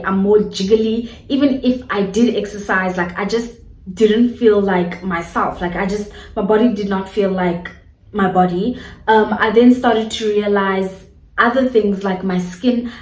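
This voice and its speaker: A young woman from South Africa talks frankly and expressively to her camera, chatty and unguarded. Her voice sits at an ordinary middle pitch. It bounces around a roomy, echoey space, and she sounds a little far from the mic. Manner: candid, animated storytelling, addresses viewers as guys. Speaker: vlogger. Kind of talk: casual talk to camera.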